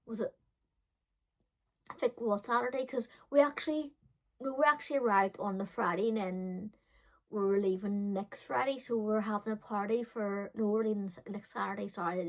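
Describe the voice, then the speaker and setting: A woman in her thirties telling a personal story in a chatty, dramatic way, full of filler words. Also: medium pitch. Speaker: vlogger. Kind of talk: casual storytime chat.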